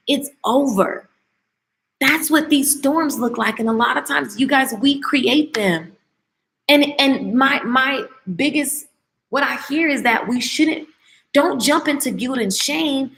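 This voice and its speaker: A woman tells a Bible story to camera in a loose, slangy, animated way. Her voice sits high with a bright, forward edge. The room around her is echoey and roomy. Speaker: Bible teacher. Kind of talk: casual Bible teaching to camera.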